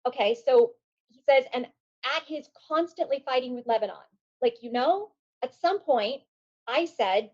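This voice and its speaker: A woman's voice: sits high, lively intonation, normal speed. Woman panelist on a muffled call. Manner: analytical, recounting quotes with frequent fillers. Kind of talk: political commentary on a group call. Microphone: online call mic.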